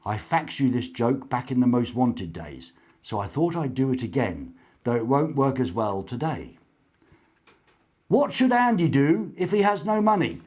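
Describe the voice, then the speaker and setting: Husky, lively playful male host. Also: mid-range voice, measured pace. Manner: playful, jokey, mock-dramatic. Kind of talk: casual live-stream chat.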